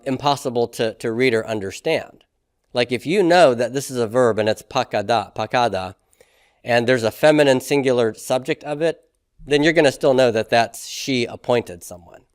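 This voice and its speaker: A man's voice: mid-range voice, dry recording, clean studio sound. A man teaching a classroom lesson on grammar, explaining step by step and often checking in with "okay?" and "right?". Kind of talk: classroom lecture.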